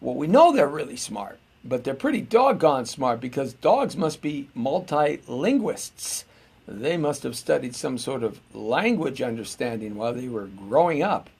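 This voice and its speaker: A man's voice: mid-range voice, sing-song, measured pace, creaky, breathy edge. A middle-aged American man hosting a live-streamed show, rambling in a chatty, meandering way with lots of filler words and restarts. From United States. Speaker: host.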